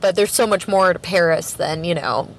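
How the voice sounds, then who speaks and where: A woman's voice: on the low side, moderate pace. A woman from Canada, a podcast guest, talking in a rambling, chatty way with plenty of fillers and laughter. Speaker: podcast guest, record store worker. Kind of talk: casual interview chat.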